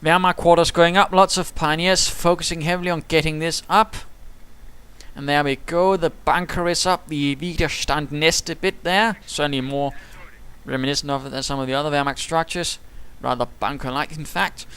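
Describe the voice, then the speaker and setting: A man's voice: on the high side, fairly even intonation, normal speed, a bit bright, smooth. Playful man casting a replay. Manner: playful, theatrical, with whimsical asides. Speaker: caster. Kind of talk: strategy game replay commentary.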